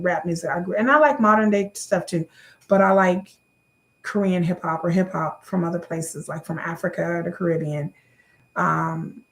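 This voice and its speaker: A woman's voice: fairly low pitch, gravelly. A woman in her thirties doing a casual question-and-answer vlog to camera, chatty, often repeating words and calling viewers y'all.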